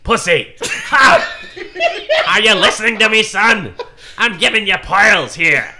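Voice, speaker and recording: A man's voice: high voice, animated, takes it slowly, creaky, very noisy, pitched above the performer's own voice, heavily acted. A man putting on a lecherous, blustering old man's voice as a manic comedy impression. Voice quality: manic, leering ranting delivery.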